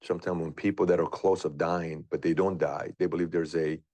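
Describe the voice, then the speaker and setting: A man's voice: low voice, flat delivery, a little fast, warm tone, dry recording. A man in his thirties earnestly telling a personal story, full of questions and doubt. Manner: earnest, questioning, rambling delivery. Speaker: guest sharing a personal story.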